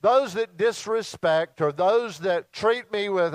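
A visiting preacher delivers a sermon at an unhurried, drawn-out pace. His voice sits a little high for a man, and he leans on dramatic pauses to stress his points. The recording is dry, with little room sound. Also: no echo.

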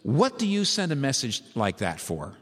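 A man's voice: medium pitch, animated, a little fast, a bit bright, natural voice. Storytelling bit: a self-righteous older churchwoman, indignant and exclamatory, as a preacher puts her on. Long hall reverb. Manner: huffy, exclamatory, complaining.

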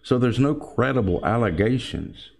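A man's voice: medium pitch, expressive, normal speed, gravelly, a little mellow. A man delivering an opinionated political commentary monologue, speaking emphatically and calling his listeners folks.

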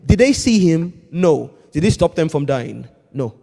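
A man preaching a sermon, swinging between hushed intensity and shouting. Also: on the high side, very animated, unhurried, gravelly, in a large hall.

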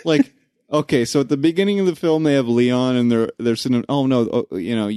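A man in casual conversation about a film, retelling scenes with animated energy and some swearing. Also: mid-range voice, fairly quick, clean tone, no echo, clean studio sound. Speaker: podcast co-host.

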